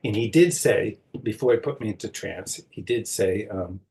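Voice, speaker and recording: An older man, a psychotherapist being interviewed, recounting a personal story in an unhurried way and acting out the words of others. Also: fairly low pitch, vocal fry, a little mellow, low-quality recording. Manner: unhurried storytelling, acts out quoted speech.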